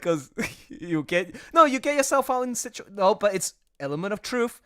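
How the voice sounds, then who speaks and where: Guy on a livestream, kinda high voice, super lively, keeps laughing and cutting himself off. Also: normal speed, clear, resonant tone. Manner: excitable, laughs often, trails off mid-sentence. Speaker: streamer and artist. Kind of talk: casual livestream chat.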